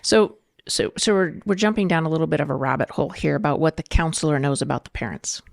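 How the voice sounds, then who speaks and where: A middle-aged woman, a podcast guest, arguing her position in an earnest, measured way. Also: low-pitched, lively intonation, creaky, dry recording, studio quality. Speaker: guest, political candidate. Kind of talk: debate in a podcast interview.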